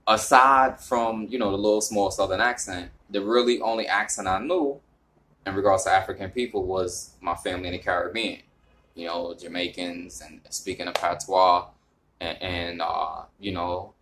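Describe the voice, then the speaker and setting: A young man with a New York accent talking casually to camera, rambling with lots of fillers and rising in pitch and volume when he gets into explaining. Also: fairly bright tone, a little hiss or hum. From northern United States. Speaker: vlogger.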